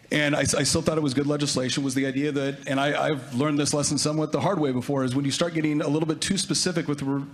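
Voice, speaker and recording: A man who is a state legislator giving a measured floor speech, with frequent halting restarts. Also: mid-range voice. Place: large legislative chamber.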